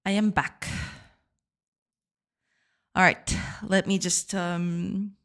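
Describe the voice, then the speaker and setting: A woman's voice: fairly low pitch, level tone, very slow, fairly bright tone. A woman streaming her game development, chatting casually with her viewers, giggly and reading chat aloud.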